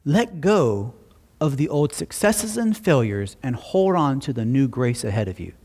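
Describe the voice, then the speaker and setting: A male pastor preaching a sermon, telling stories in an animated way with personal asides. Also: medium pitch, a little slow.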